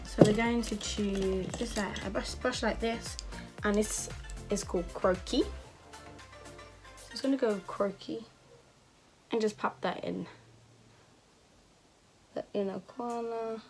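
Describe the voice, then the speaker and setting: A woman's voice: mid-range voice, fairly even intonation, measured pace, pauses often, a little mellow, faint music behind. A young woman from England talking casually through a makeup tutorial, chatty and full of slang. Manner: chatty, slangy, lots of "you know". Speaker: beauty vlogger.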